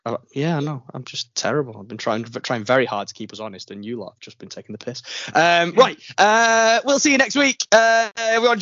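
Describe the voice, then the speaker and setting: Brief: male podcast host, fairly high voice, jokey and rambling, dry dull recording. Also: a bit bright, dry recording. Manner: rambling, jokey, self-deprecating. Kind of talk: casual podcast chat.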